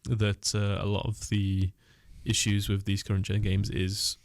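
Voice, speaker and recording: A man's voice: on the low side, completely flat delivery, measured pace, dry recording, studio quality. A young man co-hosting a gaming radio chat, blunt and dryly teasing. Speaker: radio show co-host. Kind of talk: casual chat on student radio.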